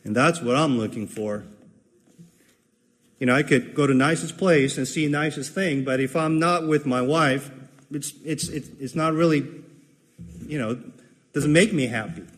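A man's voice: a little high, unhurried, long pauses, in a large hall. A man preaching a sermon in an earnest way, repeating key phrases for emphasis. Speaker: pastor.

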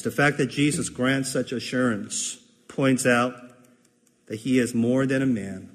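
A man's voice: mid-range voice, unhurried, big-room sound. A man preaching a sermon in an earnest way, repeating key phrases for emphasis. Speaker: pastor.

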